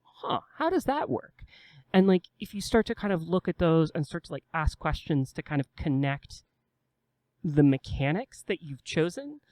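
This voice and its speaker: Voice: mid-range voice, animated, moderate pace, darkish tone, dry recording. A podcast co-host giving casual advice, explaining step by step and acting out a new player's inner questions.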